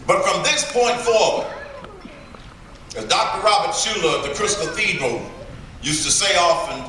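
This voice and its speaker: Male commencement speaker, emphatic, measured delivery; tone on the bright side, voice a bit higher; echoey hall from far off. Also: slight background noise. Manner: deliberate and emphatic, with dramatic pauses and playful phrases. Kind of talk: commencement address. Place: large ceremony hall.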